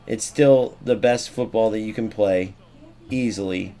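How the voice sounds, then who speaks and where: A man's voice: fairly low pitch, measured pace. A young man streaming a football video game, commenting live, swearing and ranting about glitches. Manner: excitable, swears, rants at the game. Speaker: gaming streamer.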